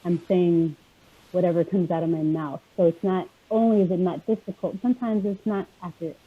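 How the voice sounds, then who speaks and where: A woman guest speaker explaining autism advocacy on a video call, halting with many pauses and fillers. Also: lowish voice, fairly even intonation, slightly rough. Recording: tinny phone-like call audio.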